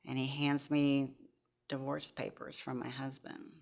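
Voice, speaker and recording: Gravelly woman telling her story. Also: extremely low pitch, little pitch movement, a little slow, a little mellow. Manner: earnest, heartfelt storytelling, many restarts. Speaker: podcast guest. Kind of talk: personal testimony in an interview.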